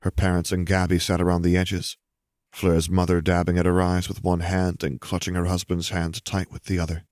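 Male narrator, low voice, steady measured storytelling; dry, close audiobook read. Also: no room sound. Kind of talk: audiobook reading of fan fiction.

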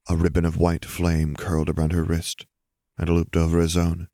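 A man narrating fan fiction as an audiobook in a steady, measured storytelling manner. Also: deep voice, no room sound, studio quality.

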